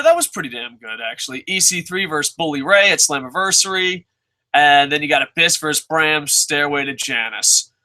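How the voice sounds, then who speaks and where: Young male vlogger, bright cutting voice, cursing, animated opinions. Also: on the high side, rough recording. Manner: profane, animated, mock-voices fans. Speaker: wrestling vlogger. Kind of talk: casual opinion vlog.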